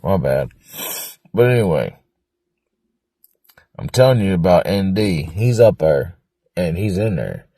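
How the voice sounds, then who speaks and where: A man interviewed about his former band, talking in a rambling, profane, excitable way and laughing often. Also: deep voice, unhurried, pauses often, husky, no echo. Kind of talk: casual documentary interview.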